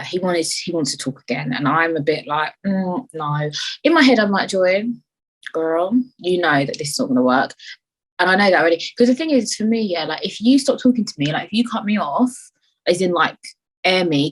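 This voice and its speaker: Husky woman, chatty podcast host. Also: fairly low pitch, low-quality recording. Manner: chatty, swears freely, rambles off on tangents. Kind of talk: casual solo chat.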